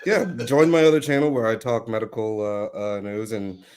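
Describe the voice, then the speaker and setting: A man's voice: lowish voice, moderate pace, darkish tone, clean tone. A man chatting on a casual podcast, rambling with many filler words.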